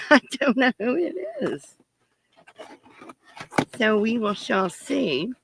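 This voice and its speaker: A woman's voice: fairly high pitch, expressive, takes it slowly, gravelly, fairly bright tone, a little hiss or hum, low-quality recording. A woman hosting her crafting channel, chatting casually to viewers as she opens their parcels, gushing and giggling often. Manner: thinks aloud while unwrapping. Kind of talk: casual unboxing chat to viewers.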